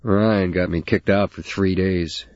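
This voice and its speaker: A man's voice: sits low, fairly even intonation, measured pace, a little mellow, dry recording, lo-fi sound. A man voicing a sullen, crude teenage boy.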